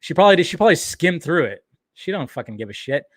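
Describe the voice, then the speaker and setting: A man hosting a live stream, ranting in an excitable way. He swears often and laughs at himself. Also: fairly high pitch, fast talker.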